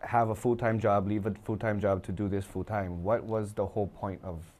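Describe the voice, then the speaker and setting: A male interviewer who asks slow, low-key questions and murmurs brief replies. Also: fairly even intonation, a little mellow. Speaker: interviewer host.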